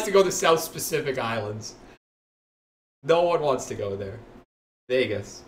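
A man livestreaming a video game in casual, rambling commentary that breaks into bursts of loud laughter. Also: medium pitch, expressive, measured pace, long pauses. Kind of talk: casual let's-play commentary. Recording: echoey room, voice far from the mic.

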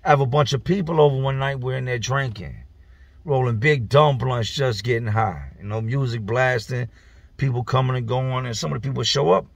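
Gravelly man telling street stories. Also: mid-range voice, brisk, dry recording. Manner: profane, slangy, animated retelling of street stories. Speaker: vlogger. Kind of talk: casual storytelling.

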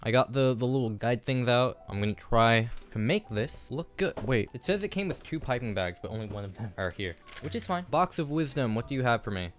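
Young male vlogger, animated swings in pitch, self-deprecating and sweary, phone audio in a home kitchen. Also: fairly quick, few pauses, a little hiss or hum. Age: young adult. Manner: flustered, self-mocking, swears often. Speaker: YouTuber. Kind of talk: casual vlog commentary while building. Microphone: phone camera.

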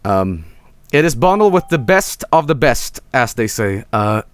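An excitable male streamer talks through his screen in loose, rambling commentary. His voice leaps up and down in pitch, often cracking into high squeals of delight. The sound is close and dry, with no room echo. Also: a little slow.

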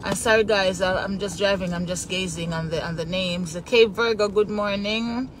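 A Jamaican woman talks to her viewers while driving, chatty and easygoing, greeting people by name in patois-flavored speech. Her voice sits at a middle pitch. Clear car and road noise runs under everything she says. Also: steady tone, moderate pace. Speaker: vlogger greeting live viewers. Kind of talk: casual live-stream chat while driving. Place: inside a car in traffic.

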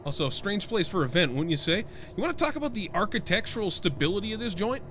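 A young man streaming a horror game, chatting casually, joking and swearing, with sudden excited yelps. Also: high voice, fast, slight background noise. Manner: jokey, profane, prone to excited yelps. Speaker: gaming streamer. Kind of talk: casual let's-play commentary.

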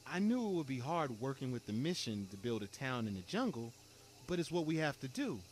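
An actor voicing a young man writing a reassuring letter home from a jungle commune, read in a calm, earnest manner. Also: mid-range voice, fairly quick, slight background noise, lightly acted. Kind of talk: game voice acting, letter read aloud.

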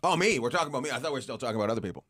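A middle-aged man chatting as a guest comedian, cracking jokes and tossing in strings of quick yeahs. His pitch swings widely and expressively from low to high. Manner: animated, jokey, lots of yeah-yeahs. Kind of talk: casual chat.

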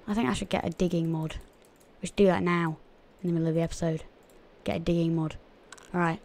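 A woman's voice: fairly low pitch, fairly even intonation, fast talker, darkish tone. A woman hosting a gaming channel, giving casual, chatty gameplay commentary to her viewers and often giggling.

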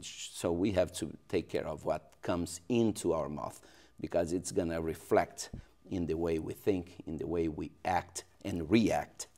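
Pastor, male, Brazilian Portuguese accent, very low voice, halting interview speech. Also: a little mellow. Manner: hesitant, many restarts and fillers. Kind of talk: local TV interview.

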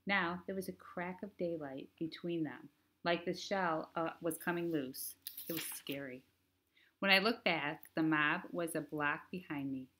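Low-voiced woman reading a novel. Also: a little slow, bright, forceful tone, slight background noise. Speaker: audiobook narrator. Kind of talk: first-person audiobook narration.

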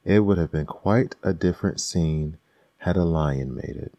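Proud mocking lion, read by a man, deep dark voice, dry sound, ASMR bedtime story. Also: a little slow, no room sound, lo-fi sound. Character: proud male lion, amused and scornful.

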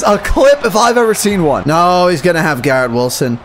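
Excitable young man calling his own game. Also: a little high, normal speed, few pauses, over music. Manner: excitable, yells at big plays then mutters plays quietly. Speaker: gaming YouTuber. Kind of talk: live gameplay commentary.

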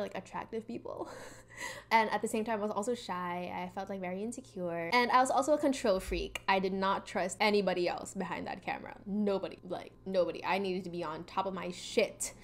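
A young woman with a Filipino accent, hosting a casual confessional podcast, chatty and self-mocking, laughing often. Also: medium pitch. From Philippines. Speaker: podcast host.

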